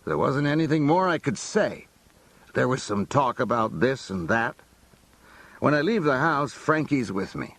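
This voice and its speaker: A man's voice: mid-range voice, big pitch swings, a little slow, fairly bright tone. A man narrating a first-person memoir in a colloquial, streetwise storytelling manner. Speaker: audiobook narrator.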